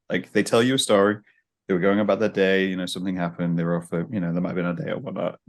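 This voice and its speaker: Deep-voiced British man chatting casually. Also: creaky. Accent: light British. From United Kingdom. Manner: restarts often, laughs while talking. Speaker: podcast host. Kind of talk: casual chat. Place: New York.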